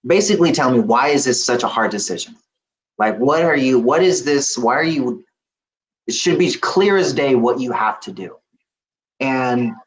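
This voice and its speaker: Man, middle-aged, earnest storyteller, acts out dialogue, medium pitch. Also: a bit bright, low-quality recording. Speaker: podcast guest. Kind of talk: storytelling testimony.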